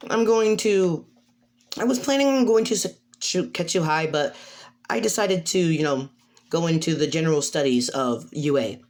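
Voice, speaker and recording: A man's voice: fairly high pitch, expressive, normal speed, voice pushed up. A man voicing a bold, carefree teenage girl in a raised, bubbly voice with stumbling restarts. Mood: casual.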